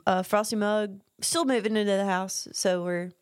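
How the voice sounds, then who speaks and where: A woman's voice: mid-range voice, fairly even intonation, normal speed, clean tone. A young woman co-hosting a casual chat, teasing and laughing often. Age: young adult. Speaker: podcast co-host.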